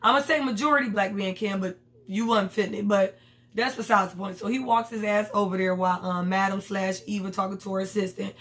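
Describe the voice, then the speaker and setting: A woman's voice: mid-range voice, fairly even intonation, fairly quick. A woman giving a casual recap of a TV episode, blunt, slangy and profane, acting out the characters' lines as she goes. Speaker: TV episode reviewer.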